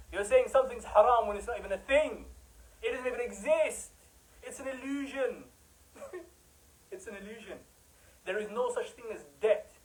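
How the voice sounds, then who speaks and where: A man with a high voice preaches with fervor, hammering his points home in an emphatic, rhetorical way. He often mocks those he criticizes. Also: low-quality recording. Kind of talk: impassioned religious talk.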